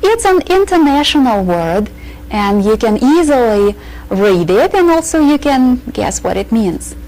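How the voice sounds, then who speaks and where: A woman leads a beginners' language lesson in an unhurried, measured way. Her voice sits a little high, and she says each new word several times so learners can follow. She is patient and clear throughout. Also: very animated, a little mellow, poor audio. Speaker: Russian language teacher. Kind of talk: slow, deliberate language lesson.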